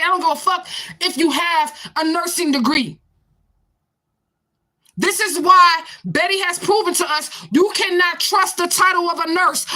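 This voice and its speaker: A woman's voice: extremely high pitch, sharp tone. A woman in her forties in a confrontational, profane vlog rant, answering a commenter with repeated questions. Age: 40s. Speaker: vlogger. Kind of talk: ranting to camera.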